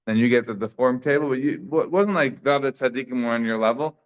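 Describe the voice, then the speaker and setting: A man's voice: mid-range voice, fast talker, hardly any pauses. A man giving a daily Talmud class in a conversational way, thinking aloud with frequent restarts. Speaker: Talmud teacher. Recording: slightly dull lo-fi sound.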